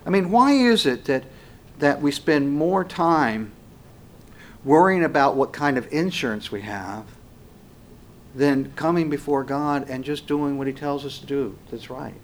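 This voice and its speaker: Slow, emphatic male preacher. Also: a little high, lively intonation. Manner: slow, emphatic preaching with wide swings between loud and hushed. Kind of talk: sermon.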